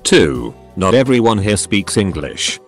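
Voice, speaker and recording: Lively low-voiced male narrator. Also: measured pace, faint music behind. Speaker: narrator reading online posts. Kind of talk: scripted narration of forum posts.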